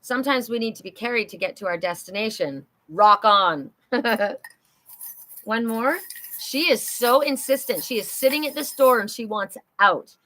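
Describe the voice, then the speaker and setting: A woman's voice: fairly high pitch, lively intonation, normal speed, hardly any pauses, pushed and bright. Upbeat middle-aged woman reading oracle cards. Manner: chatty, upbeat spiritual cheerleader, talks to viewers. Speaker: oracle card reader and psychic host.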